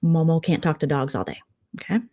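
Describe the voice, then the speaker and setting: A woman vlogger gossiping casually, sarcastic and prone to tangents. Her voice sits on the low side for a woman. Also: fairly quick, mellow. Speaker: vlogger host.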